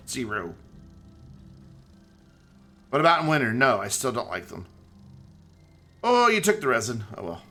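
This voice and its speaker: A man streaming a game, chatting casually and joking in a rambling, animated way. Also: medium pitch. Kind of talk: casual chat while playing a game.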